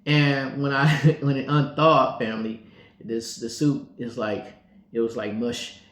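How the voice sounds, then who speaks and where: A man's voice: mid-range voice, level tone, measured pace, fairly bright tone. A man co-hosting, telling a faith story in a casual, chatty way and acting out the dialogue with laughs. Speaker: co-host. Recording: roomy echo.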